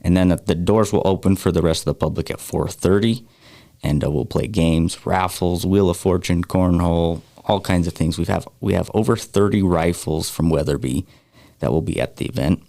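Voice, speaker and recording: Guest spot: low gravelly man, laid-back promo chat, dry studio sound. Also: moderate pace, warm tone, no echo. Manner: easygoing, promotional, filler-heavy. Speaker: guest, foundation organizer. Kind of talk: casual radio chat.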